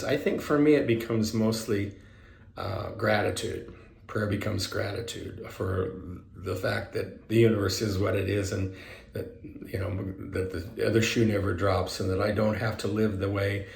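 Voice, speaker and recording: A man sharing a personal spiritual story in a halting, reflective way, often restarting his sentences. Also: lowish voice, vocal fry, darkish tone, roomy sound. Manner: halting, hesitant, many restarts and fillers. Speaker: author sharing spiritual experience.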